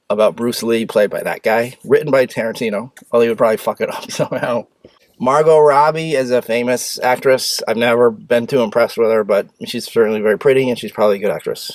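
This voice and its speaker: A man's voice: mid-range voice, dry recording. A man hosting his own film review show, talking casually and bluntly, rambling with restarts and sudden bursts of speed. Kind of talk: casual opinionated movie review.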